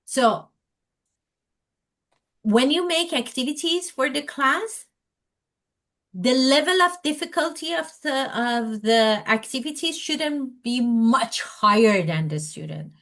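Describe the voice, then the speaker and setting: Slow-speaking woman teacher trainer. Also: high-pitched, animated, a bit bright. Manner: acts out student and teacher dialogue, non-native phrasing.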